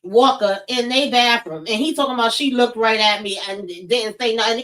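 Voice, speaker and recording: Animated woman telling a story, a bit off-mic. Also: fairly high pitch, normal speed, recorded from a distance, poor audio. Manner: expressive, profane, addresses viewers as child and y'all. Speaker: vlog host talking to live viewers. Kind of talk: casual storytelling.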